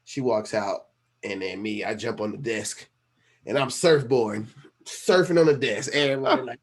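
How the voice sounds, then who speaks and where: A man's voice: medium pitch, moderate pace. A young man co-hosting a podcast, telling stories in a laid-back, casual way. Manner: laid-back storytelling with lots of "like" and "you know". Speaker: podcast co-host. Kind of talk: casual chat.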